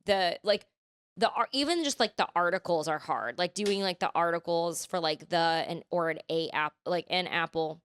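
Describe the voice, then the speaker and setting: A woman's voice: lowish voice, normal speed, fairly bright tone, slight background noise. Chatty woman rambling with lots of fillers. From California. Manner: rambling, many "like" fillers and restarts. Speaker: guest. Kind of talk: casual podcast chat.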